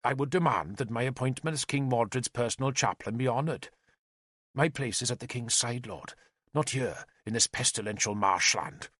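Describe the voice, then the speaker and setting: A man voicing a self-pitying bishop who wails, pleads and snaps in a high, strained voice. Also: moderate pace, fairly bright tone, no echo, studio quality, lightly acted. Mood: hushed demanding. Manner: wailing, melodramatic, pleading. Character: shrill, hysterical, self-pitying old bishop.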